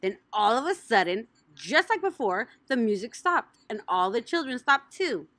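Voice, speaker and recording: A woman narrates a children's story with playful, animated storytelling, her pitch rising and falling freely and her tone bright and forceful. The recording is close and dry, with no room sound. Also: normal speed, no room sound. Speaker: audiobook reader.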